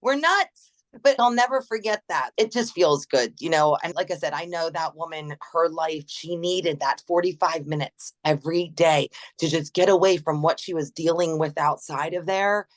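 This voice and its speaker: A woman's voice: sits low, normal speed, hardly any pauses. A middle-aged woman, a gym manager, chatting in an interview, telling stories with laughs and acted-out quotes. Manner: animated, laughs often, acts out quoted voices. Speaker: gym general manager, guest. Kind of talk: casual interview storytelling.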